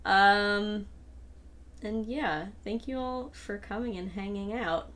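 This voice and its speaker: A woman's voice: medium pitch, slow pace, fairly bright tone, slight background noise. A woman hosting a casual livestream Q&A, reading out audience questions in an easygoing way. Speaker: host and creator of the audio drama.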